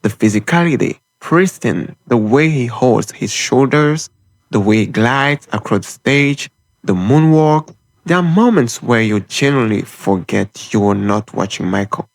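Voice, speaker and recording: A man's voice: medium pitch, animated, unhurried, no echo. A man delivering an impassioned, opinionated film commentary monologue in short, punchy phrases.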